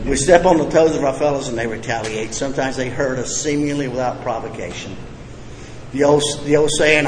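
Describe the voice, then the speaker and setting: A man's voice: medium pitch, brisk, slight background noise. A man giving a recovery talk, blunt and folksy, telling jokes with profane humor. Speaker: recovery meeting speaker. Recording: echoey hall with reverb, faint ambience.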